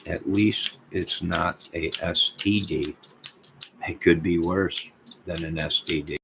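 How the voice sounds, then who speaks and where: A man hosting a livestream, rambling and joking in a deadpan way as he talks to viewers in chat. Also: low-pitched, slow, gravelly, noisy background. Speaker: livestream host.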